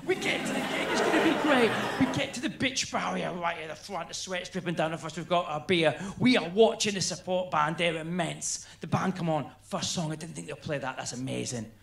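A man's voice: on the high side, fairly quick, vocal fry, hardly any pauses, reverberant. A man doing a stand-up routine, telling stories animatedly and acting out his friends. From Scotland. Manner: animated storytelling, acts out friends' voices. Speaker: stand-up comedian.

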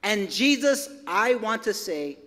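A man with a notably high voice preaches to his congregation, keeping it casual and chatty, with slang and punchy repetition. His words ring out with a long reverb from the church sanctuary. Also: very animated, takes it slowly, sharp tone. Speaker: pastor. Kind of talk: sermon.

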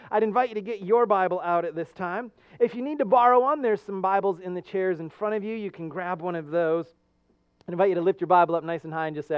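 A man's voice: high voice, clear, resonant tone, dry recording. American male pastor preaching, earnest storyteller, dry sound, a bit dull. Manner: earnest storytelling, with animated jokes. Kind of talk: sermon.

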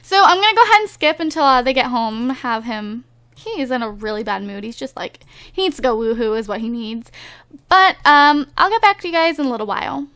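A woman's voice: high-pitched, expressive, a little fast, a bit bright, clean tone. A woman hosting a casual let's-play, chatting to her viewers and teasing the game characters, with lots of filler words. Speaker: gameplay video host.

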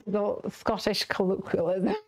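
A woman with a soft Northern Irish accent chatting casually while she makes cards on a live stream and answers viewer comments. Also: medium pitch, little pitch movement, a little slow. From Northern Ireland. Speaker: live stream craft host. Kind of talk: casual chat while demonstrating card making.

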